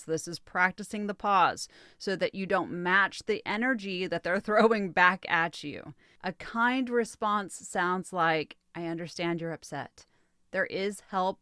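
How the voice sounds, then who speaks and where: A woman hosting a solo podcast, calmly teaching relationship skills in a measured coaching tone. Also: medium pitch, dry recording, clean studio sound. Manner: calm, measured, coaching tone with light laughs.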